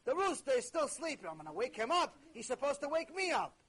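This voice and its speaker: A man's voice: very high voice, sing-song, fast talker, a bit bright, pitched above the performer's own voice, full character voice. A man voicing a complaining fellow who looks for ways out of his religious duties, in a whiny, pleading tone.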